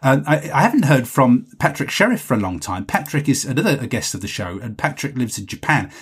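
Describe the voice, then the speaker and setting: Guy rambling through listener mail on his podcast, kinda husky, laughs at himself a lot. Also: medium pitch, big pitch swings, fairly quick. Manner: rambling, chatty, self-deprecating. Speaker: podcast host. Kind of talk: solo podcast chat reading listener messages.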